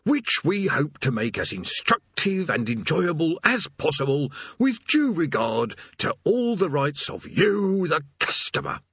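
A man voicing a weary, put-upon male demon who guards hell's door, rasping and mournful as he recites a cheery customer-service script. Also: a little high, very animated, measured pace, a bit bright, no echo, highs cut off, voice pushed up, exaggerated voice. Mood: reciting stiffly.

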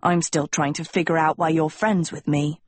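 A woman voicing a gruff, sullen teenage girl who answers bluntly. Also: sits low, little pitch movement, moderate pace, a little mellow, no echo. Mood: grumpy. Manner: blunt and grumpy.

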